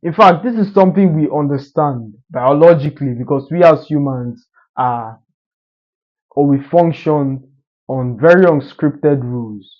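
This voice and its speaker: A man's voice: fairly high pitch, a little slow. A man giving an assertive, emphatic motivational monologue in a lecturing manner. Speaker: social media commentator. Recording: dull lo-fi recording.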